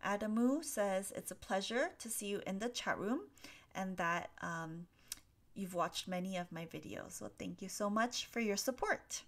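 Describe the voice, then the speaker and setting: A woman's voice: mid-range voice, expressive, normal speed. A young woman hosting a live English Q&A, answering chat questions patiently with frequent ums.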